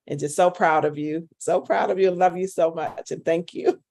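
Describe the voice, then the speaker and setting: A woman's voice: fairly low pitch, fairly even intonation, moderate pace, creaky, darkish tone. A woman on an online call, emotional and near tears, speaking lovingly. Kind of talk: casual online chat. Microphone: video call.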